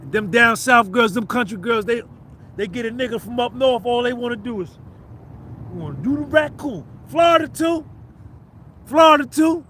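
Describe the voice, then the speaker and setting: Jersey-accented male streamer, very high pitch, loose profane banter with chat, faint street noise. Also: normal speed, pushed and bright. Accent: New Jersey. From New Jersey. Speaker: livestream host. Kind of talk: casual livestream chat with viewers.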